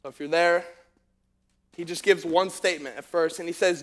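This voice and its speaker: A man preaching to a youth group, telling a story in slangy, animated speech and turning quieter and earnest when he teaches. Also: fairly high pitch, moderate pace. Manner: slangy and animated, calls the crowd bro and dude. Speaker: youth pastor. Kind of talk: youth sermon with a comic opening story. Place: church youth service venue.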